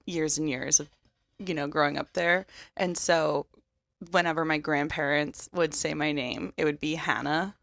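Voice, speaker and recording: Woman, podcast co-host, casual rambling chat, gravelly fry, dry close sound. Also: deep voice, steady tone, normal speed, a bit bright, no room sound. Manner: rambling, self-conscious about how she says words.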